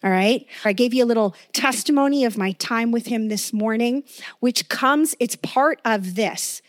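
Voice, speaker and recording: A woman preaching in an earnest, conversational way, weaving in her own testimony and often checking in with her listeners. Her voice sits a little high for a woman, and the recording is dry and close with no room sound. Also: normal speed, dry recording. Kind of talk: sermon with personal testimony.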